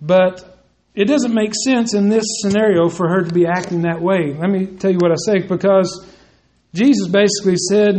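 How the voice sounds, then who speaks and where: A man's voice: high-pitched, fairly even intonation, moderate pace, darkish tone, low-quality recording. A male preacher giving a conversational sermon, reading scripture and addressing the men directly, acting out quotes as he goes.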